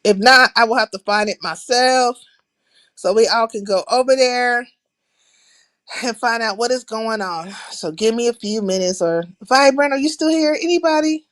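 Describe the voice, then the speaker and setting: A woman with a slightly higher voice hosting a casual live stream. She talks loosely and profanely, rambling and calling out to her viewers. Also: moderate pace, a bit bright. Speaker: livestream host.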